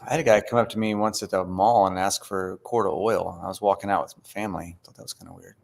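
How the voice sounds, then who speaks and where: A man's voice: low voice, steady tone, quick pace, creaky. A man co-hosting a casual live-stream chat, telling blunt anecdotes with quoted back-and-forth. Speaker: co-host.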